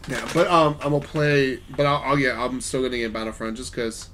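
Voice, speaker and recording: A man in casual gaming chat, telling stories in an animated way and laughing often, with a faint noise behind him. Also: medium pitch, a little fast. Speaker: podcast host.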